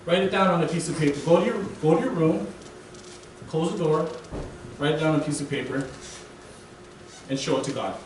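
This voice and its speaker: A man's voice: on the high side, a little fast, pauses often. A young man giving a casual, conversational sermon as a guest preacher, checking in with listeners by asking "right?". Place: church sanctuary. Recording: echoey hall, distant mic, faint hiss.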